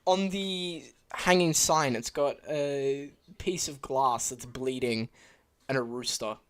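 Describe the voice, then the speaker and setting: A woman's voice: very deep voice, takes it slowly. An Australian woman running a tabletop game as game master, swearing casually and laughing often.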